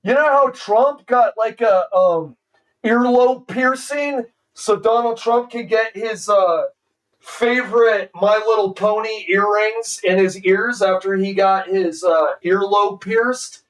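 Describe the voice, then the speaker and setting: A man with a high voice chats excitedly as he reacts to a movie on stream, throwing "dude" into almost every sentence. He sits a little back from the microphone, so his voice sounds slightly distant. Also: slow pace. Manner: excitable, says "dude" constantly. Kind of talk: casual movie reaction commentary.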